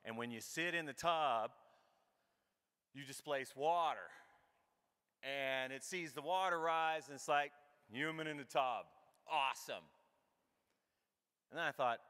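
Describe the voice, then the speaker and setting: Middle-aged male keynote speaker, comedic storyteller, bright and punchy, big hall echo. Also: medium pitch, smooth. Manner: animated and irreverent, acts out his own thoughts. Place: large conference hall. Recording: long hall reverb.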